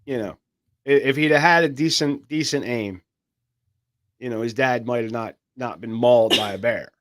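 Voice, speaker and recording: A man's voice: medium pitch, normal speed, a bit bright. A man co-hosting a podcast in casual, joking banter, swearing freely. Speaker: podcast co-host.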